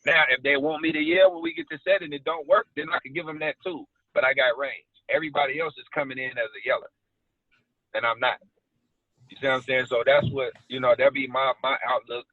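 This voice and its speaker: A man from the South Side of Chicago, appearing as an actor guest, chats informally and tells lively stories in street slang. He talks a little fast in a mid-range voice with vocal fry; the sound is thin, phone-like, dry and without echo.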